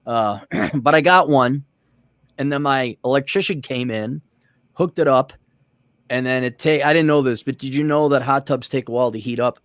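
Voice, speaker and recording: A man's voice: mid-range voice, moderate pace, no room sound, clean studio sound. A man co-hosting a casual podcast, telling stories in a profane, ranting way and acting out the people he quotes. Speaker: podcast co-host.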